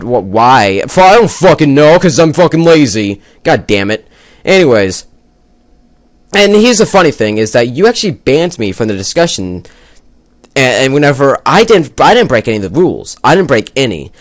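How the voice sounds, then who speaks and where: In a medium-pitched, very animated voice at normal speed, a young man who makes gaming videos rants at the camera about a game. He swears heavily and rambles while arguing his case; the sound has no echo.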